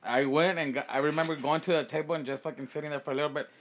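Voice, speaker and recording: A man's voice: a little high, fairly even intonation, racing, slight background noise. A man co-hosting a podcast, telling a story in a casual, profane way, laughing often and acting out what people said. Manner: profane, laughing storyteller who acts out quotes. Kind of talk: casual chat.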